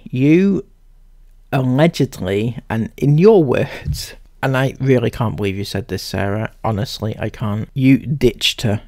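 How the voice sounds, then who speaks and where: Sarcastic and skeptical, a male commentary host talks straight to the subjects he ridicules. His mid-range voice is slightly mellow and a bit slow, with lively intonation, captured in studio quality without echo.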